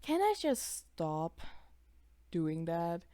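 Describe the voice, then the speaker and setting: Lively sweary young woman reacting. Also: lowish voice, extremely slow, no room sound. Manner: sweary, laughing, reads character lines in put-on voices. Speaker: YouTuber reacting to her old videos. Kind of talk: casual reaction commentary.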